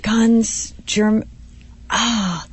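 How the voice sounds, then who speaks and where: A woman's voice: a little high, fairly even intonation, extremely slow, slightly rough. A woman co-hosting a talk show, thinking aloud in a hesitant way. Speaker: show co-host. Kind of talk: casual talk show banter.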